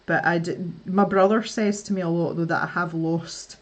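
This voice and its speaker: A woman from the West Coast of Scotland with a softened West Coast Scottish accent, chatting casually on a livestream, laughing often and restarting her sentences. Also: on the low side, fairly even intonation, moderate pace. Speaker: art livestream host. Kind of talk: casual chat reading live comments.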